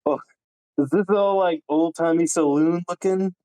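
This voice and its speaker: A man's voice: on the high side, moderate pace, mellow, smooth, dry recording, rough recording. A man playing a tabletop game, talking casually and jokingly. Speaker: player.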